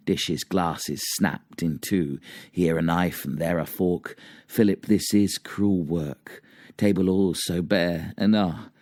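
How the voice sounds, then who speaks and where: A man's voice: low-pitched, a little mellow, no room sound, studio quality. A man reading old cautionary children's verse aloud in a dramatic, rhythmic recitation. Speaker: reader.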